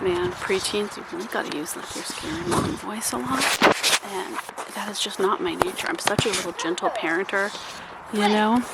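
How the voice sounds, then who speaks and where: A woman's voice: mid-range voice, moderate pace, gravelly, heavy background noise. A woman vlogging casually while she works on a building project at her campground, chatty and self-deprecating. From United States. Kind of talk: casual vlog narration. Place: outdoor campground building site.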